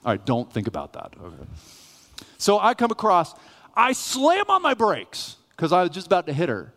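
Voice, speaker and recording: Storytelling pastor in a reverberant hall. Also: male voice, sits high, moderate pace. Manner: storytelling, animated, self-mocking. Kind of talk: sermon.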